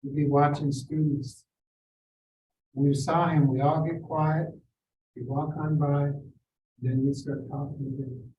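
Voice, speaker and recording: A man's voice: fairly high pitch, flat delivery, dull audio, slight background noise. Older man telling stories in a roomy hall. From Seneca Nation. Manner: measured, reflective, quotes people in acted voices. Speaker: forum speaker. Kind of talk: personal storytelling. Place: school district forum room. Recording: roomy, distant mic with faint ambience.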